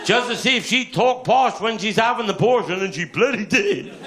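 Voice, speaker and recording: A man's voice: high-pitched, lively intonation, brisk, a loud crowd, heavy background noise. A man with a Cornish accent telling rambling, bawdy stand-up stories in broad dialect at a live show. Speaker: comedian. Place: live show before an audience. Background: audience laughter.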